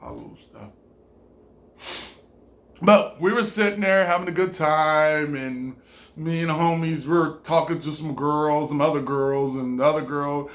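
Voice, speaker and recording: A man from California, telling a rambling vacation story in a casual vlog. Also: normal speed. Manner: rambling, repeats himself, swings between low mumbles and excited high bursts. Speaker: vlogger.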